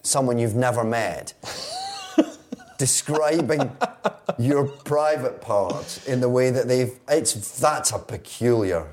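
A man from Scotland being interviewed as a guest, wry and amused, often halting and restarting. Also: mid-range voice, wildly swooping pitch, darkish tone. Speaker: actor guest. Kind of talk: casual interview chat.

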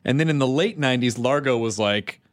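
A man's voice: mid-range voice, a little fast, no room sound, studio quality. A man hosting a podcast, chatting casually with a guest, laughing and swearing as he talks. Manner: laughs often, lively swearing banter. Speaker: podcast host. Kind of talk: casual chat.

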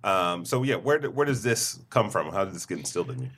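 A man hosting a casual podcast interview, chatty and quick to laugh. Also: low-pitched, very animated, background noise. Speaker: podcast host.

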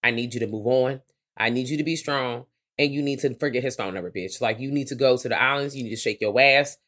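A woman's voice: extremely low pitch, fast, fairly bright tone. A woman co-hosting a movie podcast, talking bluntly and profanely in casual chat. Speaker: podcast co-host.

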